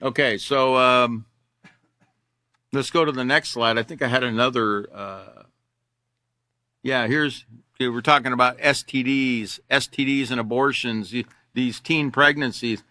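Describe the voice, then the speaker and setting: A man's voice: medium pitch, measured pace, sharp tone, dry recording. An older man teaching a class, reading news articles aloud and mocking them with sarcasm, repeating himself as he goes.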